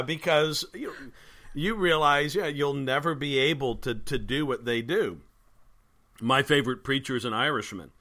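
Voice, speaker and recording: Bright-voiced, wry male pastor. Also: mid-range voice. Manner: thoughtful, wry, many restarts. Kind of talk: casual conversation between pastors.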